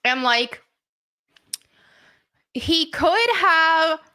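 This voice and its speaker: A woman's voice: extremely high pitch, expressive, extremely slow, pushed and bright. A woman hosting a casual livestream and reading chat, blunt and indignant, with lots of fillers. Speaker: livestream host.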